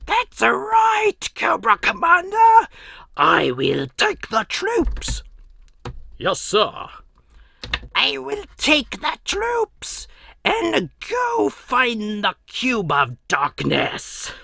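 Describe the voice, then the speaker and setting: A man voicing a gruff male villain mercenary who barks at his commander, in an attempted Australian accent. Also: wildly swooping pitch, drawn-out words, dry recording, clean studio sound, full character voice. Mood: barking. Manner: shouted, strained and high.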